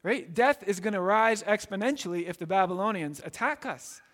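A man's voice: sits high, lively intonation, moderate pace, a bit bright. A man preaching a sermon earnestly, often checking in with "right?" and repeating words as he explains. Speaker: pastor. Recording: long reverb in a large hall.

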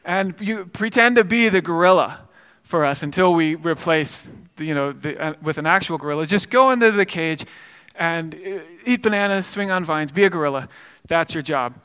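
A pastor voicing a businesslike middle-aged zookeeper giving a job instruction. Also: male voice, a little high, moderate pace, fairly bright tone, smooth, close to an everyday voice. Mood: brisk.

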